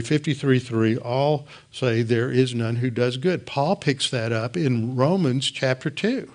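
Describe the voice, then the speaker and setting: An earnest man teaching a Bible lesson, leaning on repeated words to drive his points home. His voice sits at an ordinary middle pitch, and he often stops to restart a phrase.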